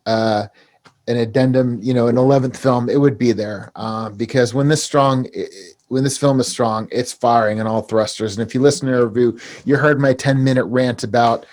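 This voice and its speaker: A man talks through his film opinions in a casual podcast chat. He wanders a little as he talks, pausing with hesitant fillers between points. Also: mid-range voice, fairly even intonation, darkish tone. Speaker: podcast co-host.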